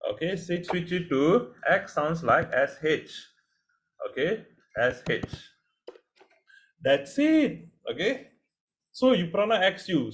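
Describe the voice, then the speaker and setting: A man gives a casual Mandarin pronunciation lesson, talking over his screen. His voice sits a little high, and he chats and repeats himself, then drills single sounds with sudden leaps in pitch. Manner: chatty, repeats words, drills sounds with big pitch jumps. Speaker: Mandarin teacher.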